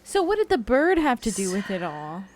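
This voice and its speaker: A woman's voice: on the high side, wildly swooping pitch, normal speed, darkish tone, slight background noise. A woman co-hosting a podcast in casual chat, asking curious follow-up questions. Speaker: podcast co-host.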